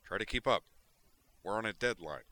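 A man's voice: fairly low pitch, animated, moderate pace, sharp tone, voice pushed up. A man reading as a brusque, imperious starship officer making demands. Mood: impatient.

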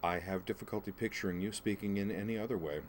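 A man's voice: fairly low pitch, slight background noise, natural voice. A man voicing a stern alien woman admiral. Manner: dry, measured, authoritative.

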